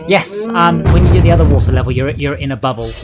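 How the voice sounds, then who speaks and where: A man's voice: on the high side, expressive, quick pace, over loud music. A man chatting wryly and sarcastically while streaming a video game. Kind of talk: casual gaming chat.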